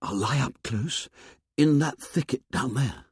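A man's voice: mid-range voice, sing-song, moderate pace, darkish tone, husky, no room sound, studio quality, voice pushed up, full character voice. A man voicing a lonely hunted boy who talks in a thick, breathless, whispering way, in a storybook reading. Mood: desperate.

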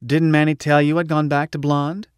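A man's voice: a little high, little pitch movement, moderate pace, smooth, no echo, pitched above the performer's own voice, lightly acted. A playful, affectionate young woman who teases her friends, put on by a male narrator with a voice lifted several steps above his normal tone. The reading is dry and close, with no room around it. It is an audiobook character voice. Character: lively, teasing young woman revolutionary.

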